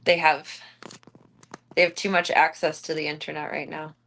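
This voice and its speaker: A woman streaming casually from home, chatting to viewers and cooing baby talk at her kittens, her voice jumping high when she talks to them. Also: flat delivery, moderate pace, a bit bright, rough recording. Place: home room with cat enclosure.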